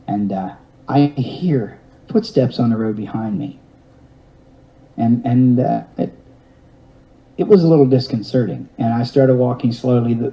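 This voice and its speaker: A man in his fifties with a soft, mellow tone, spinning a long personal tale for an interviewer. He wanders through it with restarts and a wry, self-mocking humor, and his pitch sits in an ordinary middle range. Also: poor audio. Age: 50s. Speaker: guest telling a personal story. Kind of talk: storytelling in an interview.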